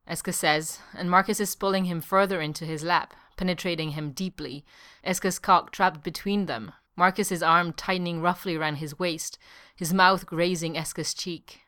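A woman narrating a story in a soft, even, unhurried reading voice. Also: lowish voice.

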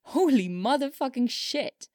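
A woman voicing an excitable young male pop singer who swears in giddy bursts, in a storybook reading. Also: medium pitch, a little slow, no room sound, clean studio sound, voice pushed up, lightly acted. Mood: overjoyed.

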